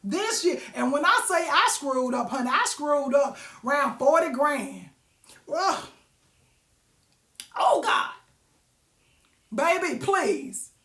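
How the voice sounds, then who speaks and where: Sassy lady preaching motivation, high voice, echoey room, keeps saying baby and honey. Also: big pitch swings, slow, long pauses, fairly bright tone. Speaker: motivational vlogger. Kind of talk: casual motivational talk.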